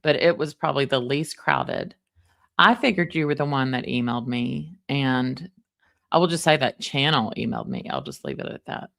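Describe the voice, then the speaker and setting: A middle-aged woman, chatting casually with livestream viewers in an animated, storytelling way. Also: rumbling low, moderate pace, vocal fry. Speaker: livestream host recapping a trial. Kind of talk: casual chat with live viewers.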